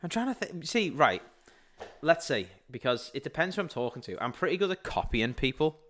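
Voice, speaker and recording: A man's voice: fairly high pitch, big pitch swings, brisk, fairly bright tone. A British man co-hosting a podcast, joking and teasing in casual comedy chat. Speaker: podcast co-host.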